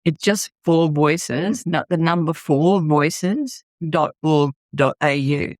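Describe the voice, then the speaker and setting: A woman's voice: deep voice, takes it slowly, no room sound. A middle-aged woman with an Australian accent, a charity founder speaking in an interview. She talks earnestly and bluntly and often restarts her sentences. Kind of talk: candid interview storytelling.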